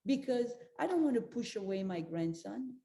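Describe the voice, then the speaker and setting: A woman's voice: a little high, expressive, moderate pace, warm tone. An older woman giving a motivational talk as a spiritual life coach, earnest and direct, repeating her key advice to the listeners. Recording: roomy echo.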